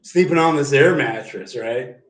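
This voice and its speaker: Heard through a distant mic in a roomy space, this live streamer spins rambling yarns full of slang, profanity and plenty of "dude." His voice is mid-range and his pace moderate.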